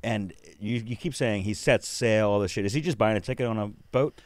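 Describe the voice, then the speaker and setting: A man's voice: on the low side, fairly quick, a little mellow, no room sound. A man co-hosting a casual podcast, chiming in with wry, teasing remarks. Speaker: podcast co-host. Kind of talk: casual chat.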